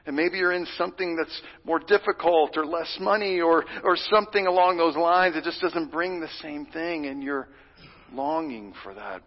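A male pastor preaching a sermon with earnest feeling, swinging from loud pleading to hushed whispers. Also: a little high, moderate pace, long reverb tail, highs cut off.

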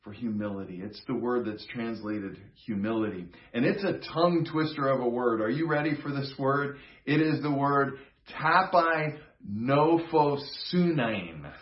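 A man's voice: mid-range voice, moderate pace. A man preaching a sermon in a conversational, playful teaching manner, getting the congregation to repeat words with him. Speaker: pastor. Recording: roomy, dull sound.

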